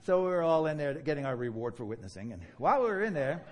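A man with a New York accent preaching a sermon in an animated, fast-talking way, laughing often and playing out dialogues. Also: fairly high pitch.

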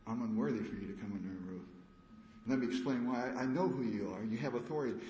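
A man's voice: mid-range voice, fast, mellow, muffled recording, lightly acted. A man preaching in a reverberant hall, voicing a humble centurion who pleads urgently. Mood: pleading. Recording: echoey hall, faint background noise.

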